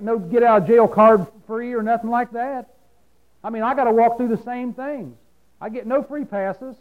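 A man's voice: extremely high pitch, muffled recording. A man preaching a sermon in a folksy, plain-spoken way, asking his listeners questions and answering them himself.

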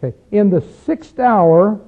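An unhurried, expressive man with a high-pitched voice teaches an interactive Bible study, putting questions to the group. His delivery is emphatic and climbs when he underlines a point, heard through a tinny, phone-like recording.

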